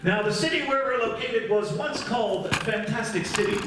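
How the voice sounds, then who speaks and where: A man's voice: very high voice, normal speed, music in the background. A man hosting a live improv comedy show, setting scenes like an upbeat announcer. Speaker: host. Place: live stage. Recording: echoey stage from far off.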